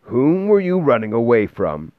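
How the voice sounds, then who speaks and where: A man voicing a gruff, grumbling old male bookseller who speaks slowly and with disapproval, recorded with a dull, dry sound. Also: medium pitch, wildly swooping pitch, dry recording, pitched above the performer's own voice.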